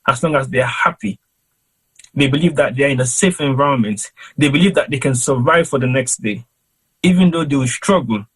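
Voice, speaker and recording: A man's voice: mid-range voice, fairly quick, a bit bright, slightly rough, low-quality recording. A Sierra Leonean man with a Krio accent, a panelist on a call-in show, speaking in an emphatic, rhetorical, preaching way. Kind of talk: impassioned panel commentary. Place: cold home in London.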